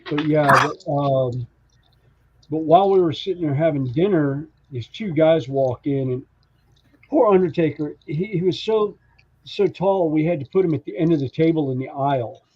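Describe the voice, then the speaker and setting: A man telling stories in a casual podcast chat, animated and acting out the voices of the people in his stories. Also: fairly high pitch, normal speed, breathy edge, lo-fi sound. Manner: animated storyteller who acts out quoted voices. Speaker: podcast co-host.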